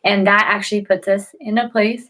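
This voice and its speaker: A woman's voice: medium pitch, fairly even intonation, a little fast, a bit bright, poor audio. A woman talks straight to the camera, explaining health in an easy, chatty way. She stumbles, restarts and fills gaps with "um." She keeps yawning as she goes. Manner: chatty, with frequent fillers and restarts. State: yawning often. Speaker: health educator. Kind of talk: casual talk to camera.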